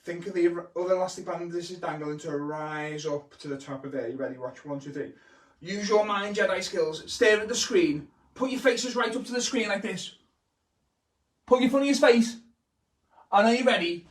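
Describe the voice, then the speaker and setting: A man's voice: high-pitched, normal speed. A man, a children's entertainer, teaching kids magic tricks in a bouncy, teasing live stream, filmed on a camera held by his wife. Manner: bouncy, exaggerated, playfully teasing the young audience. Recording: echoey room, voice from the camera's distance.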